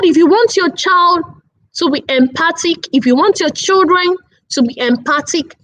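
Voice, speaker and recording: A woman in her thirties giving an online parenting talk, earnest and repetitive, stressing points with slow emphatic phrases. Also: high voice, low-quality recording. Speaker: webinar speaker on parenting.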